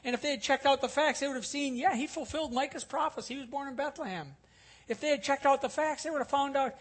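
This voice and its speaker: A man's voice: very high voice, quick pace. A male pastor teaching a sermon, explaining scripture earnestly and repeating key points for emphasis. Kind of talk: expository sermon.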